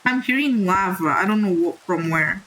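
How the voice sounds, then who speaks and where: Playing a game on stream, a young woman who speaks English as a second language opens up to her audience in a halting, confessional way, with frequent restarts, apologies, and reassurances. She has a medium-pitched, slightly bright voice, captured in a rough recording.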